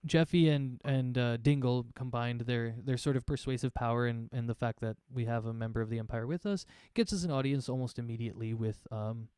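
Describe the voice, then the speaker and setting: A man acting as game master, narrating a tabletop game in a relaxed, rambling way with many fillers. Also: mid-range voice, a little fast, few pauses, smooth, no room sound, studio quality.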